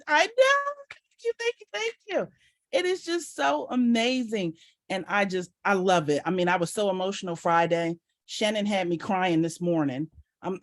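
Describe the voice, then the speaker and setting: A woman's voice: sits low, darkish tone. Earnest middle-aged woman sharing her testimony. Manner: earnest and emotional, voice swelling with gratitude. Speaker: team member sharing her story. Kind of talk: heartfelt personal testimony. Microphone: video call.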